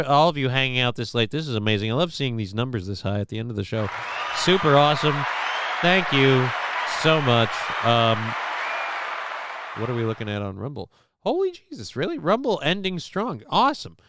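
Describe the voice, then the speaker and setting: A man's voice: mid-range voice, a bit bright, clean tone, dry recording, studio quality. Crude joking male streamer host. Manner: crude joking, acts out voices. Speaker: show host. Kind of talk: casual livestream commentary.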